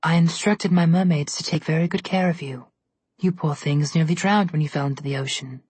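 A woman voicing a gentle, ancient female seafoam spirit in a storybook reading, speaking slowly in an airy, soothing, motherly voice. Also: low-pitched, a little hiss or hum, lightly acted.

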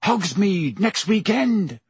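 A man's voice: sits high, sing-song, takes it slowly, husky, no room sound, voice pushed up, exaggerated voice. A male narrator voicing a stubborn, hot-tempered teenage boy who talks bluntly and grumbles. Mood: coaxing.

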